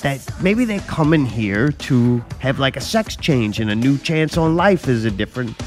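A man's voice: medium pitch, big pitch swings, normal speed, faint music behind. A man co-hosting a casual podcast, joking sarcastically and swearing a lot. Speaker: podcast co-host. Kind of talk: casual chat.

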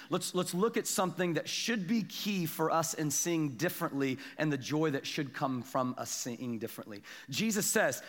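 A man preaching a sermon as pastor, animated, moving between loud emphatic peaks and quiet low asides. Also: moderate pace, big-room sound.

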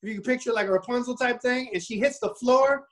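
A man casually retelling a Bible story in an animated, rambling way, often restarting his sentences. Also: very high voice, fast talker, rough recording.

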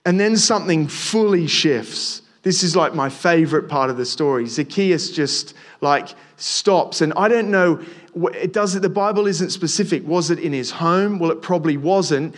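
Here a young preacher talks to his congregation in a relaxed, conversational sermon, frequently starting over and doubling up words. The pitch is slightly high and the pace is normal.

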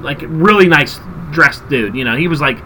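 A man's voice: on the high side, normal speed, slight background noise, low-quality recording. A man hosting a podcast, telling a story in casual chat and acting out the people in it. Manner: animated storyteller, acts out quotes. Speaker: podcast host.

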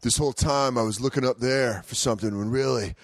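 A man guesting on a comedy podcast, telling a story in a casual, animated way, laughing and acting out his friends' lines. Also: medium pitch, fast talker, no room sound.

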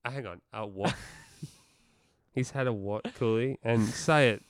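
A man's voice: mid-range voice, measured pace, no echo. A young man co-hosting a podcast, teasing his friend, laughing a lot and firing off questions. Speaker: podcast co-host. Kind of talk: casual chat.

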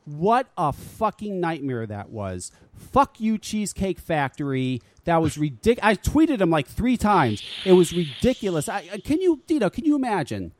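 A man's voice: sits high, wildly swooping pitch, moderate pace, hardly any pauses, darkish tone, a little hiss or hum. A man hosting a talk radio show, ranting casually and swearing freely in an exasperated way.

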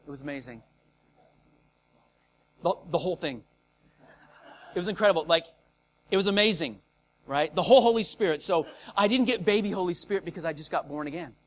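A man preaching a sermon in a casual, energetic way, talking straight to his listeners and sometimes acting out scenes with shouts. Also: on the high side.

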